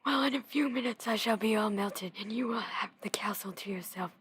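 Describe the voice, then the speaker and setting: Lady whispering as a mean old witch, gloating, super breathy whispered role-play. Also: mid-range voice, a little fast, fairly bright tone. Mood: wailing. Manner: gloating, then wailing in despair.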